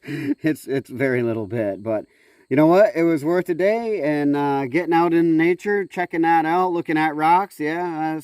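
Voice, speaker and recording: A man's voice: a little high, darkish tone, no echo. A middle-aged man hosting a prospecting vlog, talking casually and loosely with many fillers and restarts. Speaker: host of a gold prospecting channel. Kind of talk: casual outdoor vlog narration.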